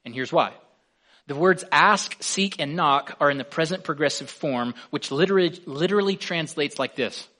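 A man's voice: fairly high pitch, normal speed, pushed and bright. A man preaching a sermon as a pastor, earnest, with his voice swelling on key words.

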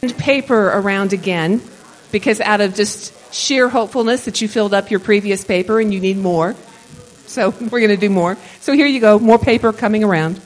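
A woman with a mid-range voice speaks at normal speed in poor-quality audio. She's leading a Christian conference session, giving a rambling, conversational teaching talk to a live audience and laughing often between thoughts.

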